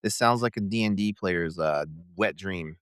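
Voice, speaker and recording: A man's voice: low-pitched, normal speed, fairly bright tone, smooth, dry recording, studio quality. A man co-hosting a gaming podcast, casually chatting and reading out game descriptions with small stumbles. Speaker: podcast co-host.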